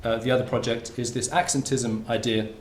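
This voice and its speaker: A man's voice: mid-range voice, flat delivery, brisk, slight background noise. A man giving a conference talk in a lecture room, in an informal, conversational way. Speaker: academic speaker. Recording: roomy lecture hall with faint ambience.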